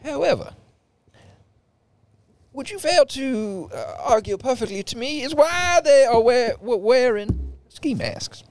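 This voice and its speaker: A man's voice: extremely high pitch, animated, slow pace, pauses often, voice pushed up, heavily acted. A man putting on a pompous, blustering old Southern small-town judge with a drawl in an improvised podcast bit. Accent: put-on Southern US drawl. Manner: pompous, bangs for order, cuts people off. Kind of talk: improvised mock trial on a podcast.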